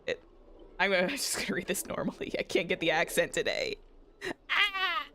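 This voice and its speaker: A woman's voice: fairly low pitch, wildly swooping pitch, fairly quick, pushed and bright, a little hiss or hum. A young woman streaming a game, chatting playfully and giggling while she reads the story text aloud. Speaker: VTuber streamer. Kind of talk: casual game-stream chat, reading dialogue aloud.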